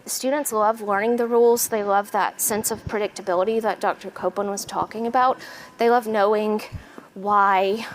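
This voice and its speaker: An American woman giving a seminar lecture to teachers, speaking clearly like a classroom teacher, often checking in with "right?" and slowing down to model sounds. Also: mid-range voice, steady tone, a little hiss or hum, poor audio. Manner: slows and stretches words when modeling sounds. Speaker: lecturer, school literacy coordinator. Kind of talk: seminar lecture with a spelling demonstration.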